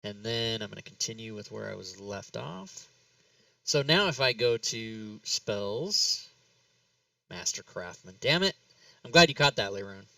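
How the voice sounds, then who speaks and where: Male host, bright tone, slightly distant mic, rambling self-narration with laughs. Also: fairly low pitch, expressive, unhurried, gravelly, no echo. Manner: rambling, laughs often, talks himself through steps. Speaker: talk show host. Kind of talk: casual chat while working in game software.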